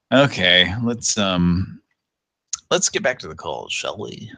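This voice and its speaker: A man's voice: low voice, big pitch swings, takes it slowly, pushed and bright, no echo. A man hosting a radio show, chatting casually, laughing and swearing as he rambles. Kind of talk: casual chat.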